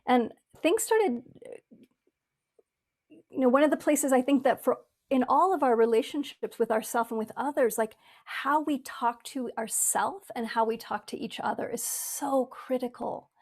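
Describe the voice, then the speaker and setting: Earnest woman with a high voice. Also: darkish tone. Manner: earnest, speaks in halting restarts, acts out inner voices. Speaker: spiritual author and teacher. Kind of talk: reflective conversational talk.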